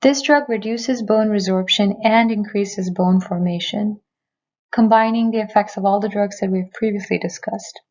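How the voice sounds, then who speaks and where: A woman physician delivers a prepared medical lecture in a measured, explanatory way. Her voice sits at a middling pitch. The recording sounds slightly dull and lo-fi. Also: darkish tone. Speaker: physician giving a health lecture. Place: remote recording, not in person.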